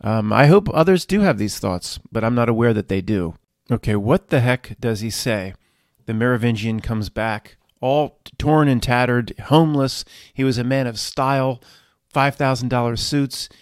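A man's voice: mid-range voice, moderate pace, no echo, clean studio sound. A man giving casual video commentary in an earnest, emphatic way, laying out a theory.

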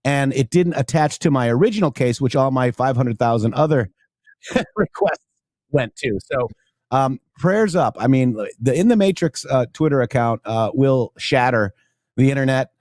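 A man's voice: medium pitch, animated, moderate pace, a little mellow, no echo, studio quality. A man co-hosting a live talk show, chatting casually and loosely, reading out viewer comments as he goes. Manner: loose, rambling, reads viewer comments aloud.

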